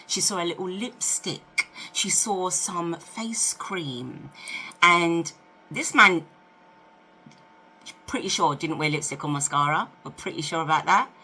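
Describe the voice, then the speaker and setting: A woman in her fifties, a vlogger telling a dating story in a chatty, animated way to camera. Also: fairly low pitch, slow, husky. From United Kingdom. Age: 50s. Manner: chatty, animated, asks rhetorical questions. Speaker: lifestyle vlogger.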